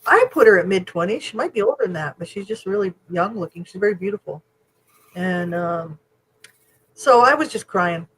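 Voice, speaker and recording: A woman co-hosting a podcast, telling stories in a casual chat, openly emotional and animated, acting out what others said. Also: mid-range voice, moderate pace, a little hiss or hum, poor audio. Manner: emotional, animated storytelling with quoted voices. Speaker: podcast co-host.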